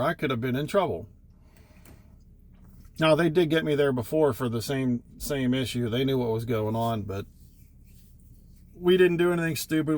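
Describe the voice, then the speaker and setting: Wry trucker man spinning road stories. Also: a little high. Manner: rambling, profane, wry anecdotes. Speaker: truck driver. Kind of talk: casual storytelling.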